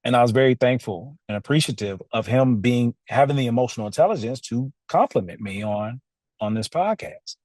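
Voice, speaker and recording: A man's voice: mid-range voice, lively intonation, brisk, a little mellow, no room sound. A man hosting a podcast, telling a story casually and animatedly, laughing often and talking straight to his listeners from a studio. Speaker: podcast host.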